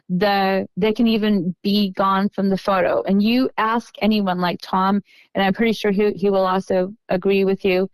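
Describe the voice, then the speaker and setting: Woman with a smooth voice, dry sound. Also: mid-range voice, no echo, low-quality recording. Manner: earnest, emotional storytelling. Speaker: podcast guest. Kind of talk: casual storytelling interview.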